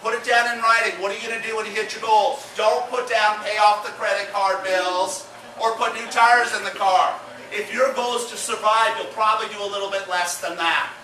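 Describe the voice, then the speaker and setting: High-voiced man in his forties speaking. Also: fairly quick. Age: 40s. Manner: energetic, keeps asking the audience questions. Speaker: guest speaker. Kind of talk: motivational speech. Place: meeting room at a business group event. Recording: echoey room, mic far off, noisy.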